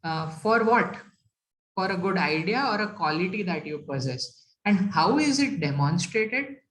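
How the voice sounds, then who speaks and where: A corporate etiquette speaker delivers a motivational talk on workplace manners, her voice on the low side, expressive and unhurried. She is emphatic and puts rhetorical questions to the audience, and the recording carries a roomy hall echo.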